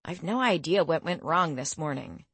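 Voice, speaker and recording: Easygoing teen boy, jovial and teasing, a bit low-pitched, read by a woman narrator. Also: moderate pace, husky, no room sound, full character voice. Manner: relaxed, teasing.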